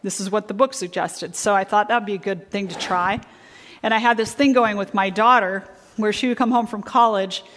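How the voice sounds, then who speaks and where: A middle-aged woman leading a church marriage workshop, quizzing the audience with fill-in questions and stressing key words slowly. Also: mid-range voice, fairly even intonation, a bit bright, slight background noise. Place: church sanctuary. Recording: long church hall reverb.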